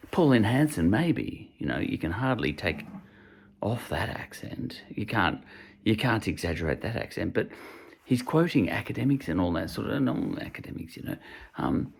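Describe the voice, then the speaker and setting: A man's voice: lowish voice, sing-song, moderate pace, creaky, husky. An Irish man giving a casual spoken book review, rambling and hesitant as he searches for his words. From Ireland.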